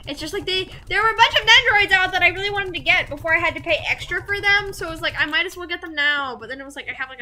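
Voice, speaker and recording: A young woman who streams as a VTuber speaks in a high, bright, forceful voice, with a faint hiss or hum in the audio. Gaming live, she rambles to her chat, leaning heavily on filler words.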